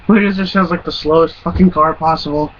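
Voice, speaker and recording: A man's voice: on the high side, fairly bright tone. A man around twenty telling stories in a casual, rambling and profane way, often laughing. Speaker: vlogger. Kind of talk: casual storytelling. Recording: muffled lo-fi recording with faint hum.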